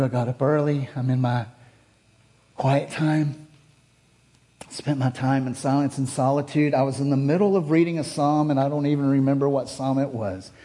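A middle-aged pastor with a medium-pitched voice preaches a sermon, earnestly recounting a personal story. His delivery climbs to fervent heights and then sinks to a hush.

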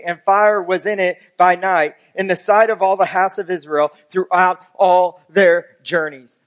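A pastor delivering a sermon in a notably high, bright male voice. He reads scripture passages aloud, then works through them for his listeners, building from a steady teaching tone into fervent preaching.

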